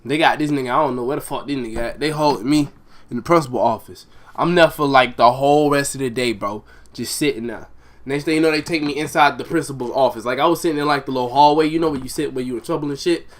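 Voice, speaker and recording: A young man casually telling a school storytime over gameplay, animated and profane, full of street slang, acting out the other people's lines. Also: medium pitch, fast.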